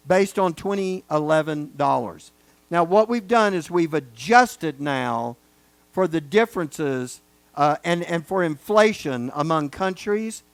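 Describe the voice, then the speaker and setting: A man's voice: high voice, lively intonation, measured pace, clear, resonant tone, no echo. A man teaching a Bible study lecture, talking casually and then stressing key words with rising force. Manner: emphatic, building to loud stresses on key words.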